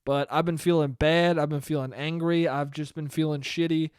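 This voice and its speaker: High, clear-voiced man ranting on a podcast. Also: level tone, normal speed, darkish tone, no room sound, studio quality. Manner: profane, rambling, self-deprecating. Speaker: podcast host. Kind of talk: solo casual podcast rant.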